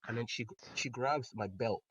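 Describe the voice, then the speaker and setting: A man's voice: mid-range voice, normal speed, slightly rough, no room sound, dull audio. A young man co-hosting a casual podcast, telling a rambling anecdote full of fillers and acted-out quotes, close on a podcast mic. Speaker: podcast co-host. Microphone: close podcast microphone.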